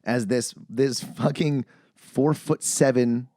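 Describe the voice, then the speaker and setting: A woman's voice: very deep voice, steady tone, slow, warm tone, dry recording, studio quality. A woman co-hosting a casual movie-riffing chat, cursing freely and ranting in exasperation. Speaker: podcast co-host.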